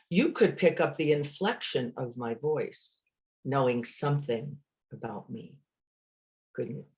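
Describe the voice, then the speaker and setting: Female meditation teacher, energized and emphatic, slow deliberate delivery with rhetorical questions, webcam sound. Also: low-pitched, darkish tone. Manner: asks the listener rhetorical questions. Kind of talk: meditation dharma talk.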